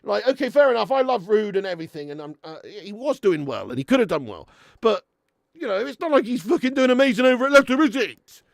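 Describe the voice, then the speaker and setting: A man hosting a football watch-along stream, reading out chat comments in a blunt, sweary manner and breaking into loud rants. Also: sits high, sing-song, fast, creaky, no room sound, studio quality. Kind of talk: casual live-stream chat.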